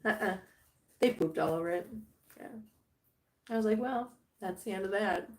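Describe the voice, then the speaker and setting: Streaming live from her living room, a woman talks at a moderate pace in a darkish, medium-pitched voice. She chats casually with viewers about her cats, laughing frequently, over a roomy home sound and faint hiss.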